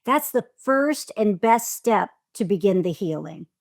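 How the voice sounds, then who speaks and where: A middle-aged woman, a divorce coach, speaking as a podcast guest and explaining ideas in a calm, affirming way. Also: mid-range voice, a little slow, no echo, studio quality.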